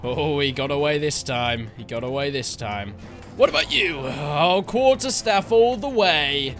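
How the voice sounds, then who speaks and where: A young man giving jokey, excitable commentary while playing a video game. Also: fairly high pitch, a little slow, soft background music. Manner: excitable, jokey, yelps and laughs at the action. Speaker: gaming YouTuber. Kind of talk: live gameplay commentary.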